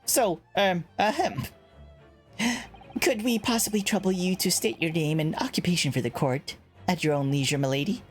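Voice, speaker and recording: A man's voice: high-pitched, normal speed, soft background music, natural voice. A man doing a fawning, flustered old judge. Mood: fussy. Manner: fawning, overly polite.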